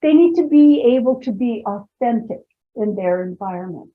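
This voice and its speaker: A woman with a bright, high voice leads a seminar, weaving playful personal anecdotes into her teaching and tossing asides to the audience. The recording sounds dull and lo-fi. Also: expressive, normal speed. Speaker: presenter and personality trainer. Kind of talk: humorous storytelling seminar talk.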